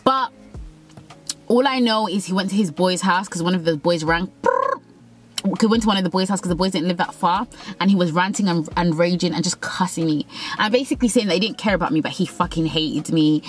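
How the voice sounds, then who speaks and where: A woman's voice: lowish voice, lively intonation, normal speed, faint music behind, low-quality recording. A young woman, candidly telling a personal dating story, quoting others and swearing freely. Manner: candid, swearing, acts out quotes. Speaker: vlogger. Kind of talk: casual storytelling.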